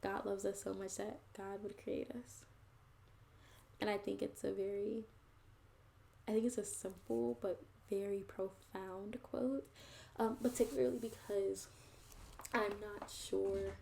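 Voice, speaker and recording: Earnest woman with a gravelly, mellow voice. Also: mid-range voice, a little hiss or hum. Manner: earnest and reflective, chatty, addresses viewers as y'all. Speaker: host and poet. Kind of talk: casual vlog monologue to viewers.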